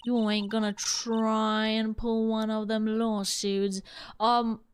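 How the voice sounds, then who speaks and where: A woman's voice: on the high side, little pitch movement, slow, slight background noise. A woman doing a brash drawling Southern gal. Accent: put-on American Southern. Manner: drawling, boastful. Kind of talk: reading game dialogue aloud.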